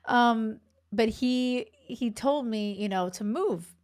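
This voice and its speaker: A woman in her thirties, a love coach, talking casually and warmly on her podcast, rambling with fillers. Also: on the high side, expressive, takes it slowly. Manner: chatty, heartfelt, rambling with fillers.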